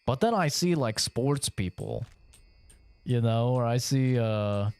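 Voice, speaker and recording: A young man chats casually on a game stream, stacking up fillers and curse words as he rambles through an anecdote. His voice has a middling pitch but swings widely as he gets animated. The sound is dry and close, with no room echo. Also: slow, clear, resonant tone. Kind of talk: casual storytelling while gaming.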